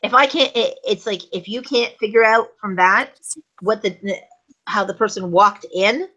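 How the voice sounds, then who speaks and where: A woman's voice: mid-range voice, normal speed, sharp tone, lo-fi sound. A woman co-hosting a casual talk show, explaining at length and acting out short script examples. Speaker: co-host.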